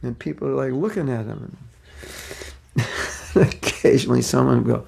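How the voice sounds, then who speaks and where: Gravelly older man telling stories. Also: medium pitch, animated, moderate pace, pauses often, darkish tone. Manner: anecdotal, chuckling storyteller. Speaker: spiritual teacher. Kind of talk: casual religious class.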